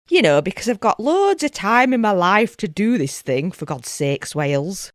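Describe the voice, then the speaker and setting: A Yorkshire woman hosts a podcast, chatting effusively with her listeners and her guest. Her voice sits at a middling pitch. The sound is dry and close, with no room around it. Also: sing-song, normal speed, few pauses, dry recording. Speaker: podcast host. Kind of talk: casual chat and interview.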